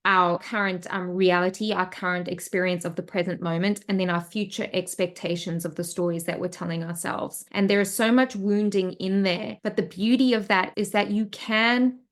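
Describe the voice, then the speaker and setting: A woman's voice: medium pitch, fairly even intonation, normal speed, few pauses. A woman hosting a podcast interview, enthusiastic and reflective. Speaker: podcast host.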